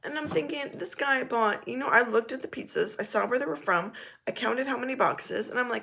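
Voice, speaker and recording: A woman vlogger telling a casual story in a frank, animated and blunt way, now and then swearing. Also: a little high, fairly quick, gravelly.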